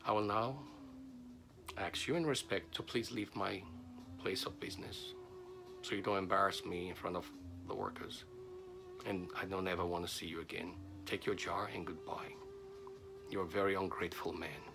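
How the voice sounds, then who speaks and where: A man playing a prosperous city merchant who speaks in a hush at home and turns stern when offended. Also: low-pitched, moderate pace, creaky, long pauses, over music. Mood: indignant.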